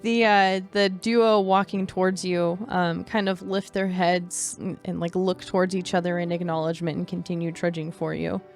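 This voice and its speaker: A woman in California narrating as game master, relaxed, with many fillers and casual swearing. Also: fairly low pitch, normal speed, few pauses, faint music behind. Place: home in California.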